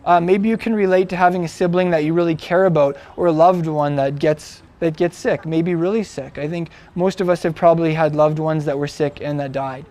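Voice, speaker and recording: A man's voice: on the high side, fairly even intonation, brisk, hardly any pauses, a little mellow. A man teaching from the Bible in a casual storytelling way, with many fillers and restarts as he retells the story conversationally.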